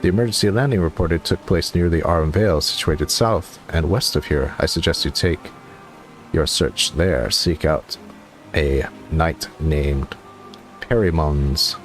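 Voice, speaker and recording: A man voicing a brisk male fortress officer, reading game dialogue in a businesslike way. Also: rumbling low, faint music behind. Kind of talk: game dialogue read aloud.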